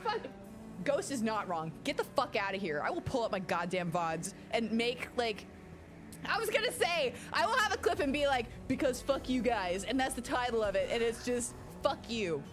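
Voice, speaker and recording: A woman streaming a video game in casual, profane chat, swinging between low mutters and excited shouting over game music. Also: normal speed. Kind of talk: casual let's-play chat. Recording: game music playing behind.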